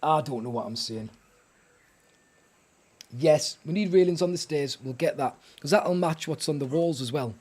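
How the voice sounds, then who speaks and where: A man's voice: on the high side, normal speed, pauses often, darkish tone, breathy edge. A man streaming a survival game live, chatting to himself and his viewers in a rambling, self-mocking way. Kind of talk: live gameplay chat.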